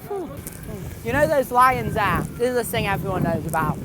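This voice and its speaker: A young man, a comedian and tour guide, rambling in a gloomy, self-deprecating deadpan and swearing freely, outdoors on a busy city street. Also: sits high, normal speed. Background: traffic and street noise.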